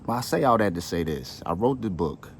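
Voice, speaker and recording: Earnest, low-pitched man for a heartfelt monologue, casual slang, light background hum. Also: sing-song, brisk. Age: adult with children. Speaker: wellness channel host. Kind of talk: heartfelt personal storytelling.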